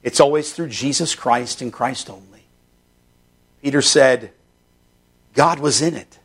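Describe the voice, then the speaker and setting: A man preaching a sermon, reading Scripture slowly and building to emphatic, fervent passages. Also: mid-range voice, husky. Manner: emphatic, rising into fervent stretches; reads Scripture aloud in slow measured delivery.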